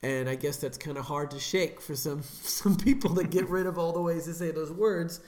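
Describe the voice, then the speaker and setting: A man talks through a film on a podcast in an easy, rambling way, his voice sitting a touch high. He laughs often and leans on fillers. The room gives his voice a noticeable echo. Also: fairly even intonation, moderate pace, a little mellow. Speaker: podcast co-host. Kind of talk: casual film discussion.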